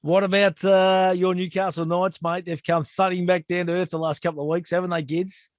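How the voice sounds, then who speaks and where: A high-pitched Australian man hosts a relaxed sports chat and sounds jokey and matey. He keeps addressing his listeners as kids. His voice is dry and close to the mic. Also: a little fast, no room sound. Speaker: podcast host.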